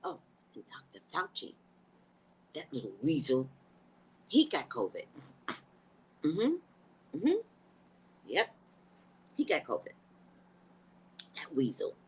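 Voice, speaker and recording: A woman psychic hosting a live news talk, her voice sitting low yet swinging widely in pitch. She talks bluntly and emotionally, with frequent swearing. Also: wildly swooping pitch, slow pace, long pauses, darkish tone, slightly rough, rough recording. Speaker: psychic host.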